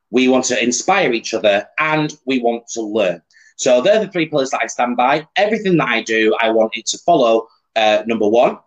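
A man's voice: mid-range voice, rough recording. A man hosting a live-streamed chat show, chatty and playful, reading viewer comments aloud. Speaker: host.

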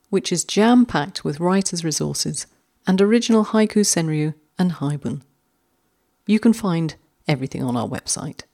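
A woman hosting a poetry podcast, speaking with warm enthusiasm and slowing down to savour lines read aloud. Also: on the low side. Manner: animated, slows right down to read poems aloud. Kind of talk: podcast commentary on haiku.

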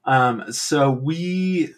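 A man's voice: fairly high pitch, drawn-out words. A male podcast co-host telling a rambling story in casual chat, swearing freely and filling gaps with ums.

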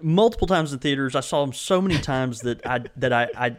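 A man co-hosting a podcast in casual chat, easygoing and quick to laugh. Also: medium pitch. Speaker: podcast co-host.

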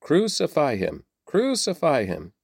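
A man reading aloud and shouting the lines of an angry crowd of priests and leaders, raised and loud. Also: on the high side, wildly swooping pitch, unhurried, vocal fry, husky, dry recording, studio quality, voice pushed up, full character voice.

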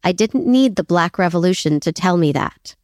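A woman's voice: lowish voice, expressive, moderate pace, a little mellow, dry recording, studio quality. A woman co-hosting a casual history podcast, chatty and self-deprecating, laughing often as she tells the story. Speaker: podcast co-host.

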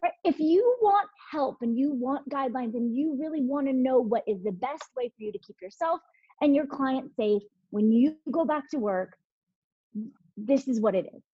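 A woman's voice: high voice, expressive, moderate pace, husky, dry recording. A woman guest in a casual podcast interview, talking emphatically with swooping emphasis. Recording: muffled lo-fi remote line.

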